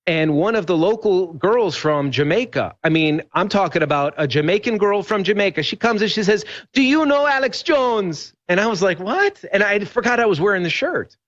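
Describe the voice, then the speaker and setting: A fairly high-voiced man tells stories in a rambling, emphatic way on a talk show. The audio is dull and lo-fi, like a broadcast feed. He keeps restarting sentences as he pushes his point. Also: a little fast, few pauses, a bit bright. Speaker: radio host guest. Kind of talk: animated talk show conversation.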